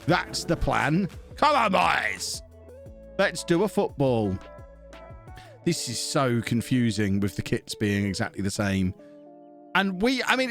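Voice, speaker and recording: Chatty man streaming, slightly high voice. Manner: chatty, self-mocking, thinks aloud and thanks subscribers. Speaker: streamer playing a football management game. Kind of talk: casual live-stream commentary.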